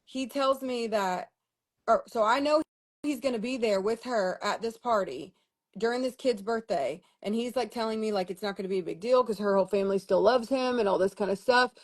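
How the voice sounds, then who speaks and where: A woman's voice: on the high side, fairly quick. A young woman telling a personal story on a livestream in a candid, exasperated way, swearing freely. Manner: candid, exasperated, profane venting. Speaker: vlogger.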